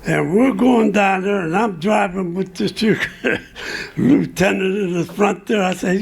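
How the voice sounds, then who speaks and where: A man's voice: high voice, creaky. An older man, a veteran, telling a rambling war anecdote at a live storytelling event, chuckling as he goes. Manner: chuckling, rambling, slow delivery. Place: restaurant event room.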